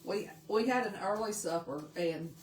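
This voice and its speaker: A woman's voice: mid-range voice, lively intonation, moderate pace, roomy sound, distant mic. Chatty Southern woman hosting a craft livestream. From Tennessee. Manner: chatty, greets viewers by name, laughs often. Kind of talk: casual live craft demo.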